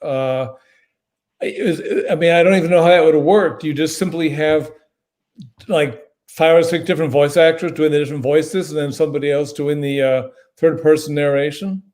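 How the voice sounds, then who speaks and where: A man, an author on a video call, answering questions in a measured, articulate way. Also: on the high side, fairly even intonation, a little mellow. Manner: articulate, measured, precise word choice. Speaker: author guest. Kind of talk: casual conversational answers.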